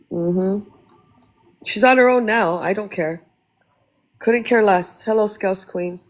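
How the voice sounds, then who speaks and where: This is a Canadian woman ranting live on her phone stream, cursing hard and cutting people down. Her voice sits in an ordinary middle pitch, and the talk is casual and unscripted. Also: poor audio. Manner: angry, profane, cutting. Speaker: livestream host. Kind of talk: casual livestream rant.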